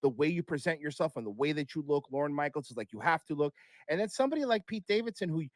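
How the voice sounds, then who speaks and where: A man's voice: on the high side, animated, fast, a little mellow, no room sound. A man talking as a podcast guest in casual chat, blunt and profane, rambling with restarts.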